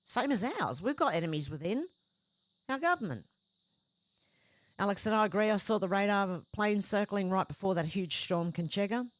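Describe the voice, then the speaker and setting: A woman's voice: mid-range voice, expressive, normal speed. Woman host reading viewer comments aloud. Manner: conversational, reacts briefly between comments. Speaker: livestream host.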